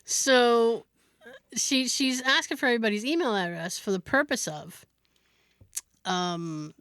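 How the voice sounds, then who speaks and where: A woman co-hosting a podcast, telling a story in a casual, animated way and laughing often. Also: fairly high pitch, measured pace, no echo, studio quality. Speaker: podcast co-host.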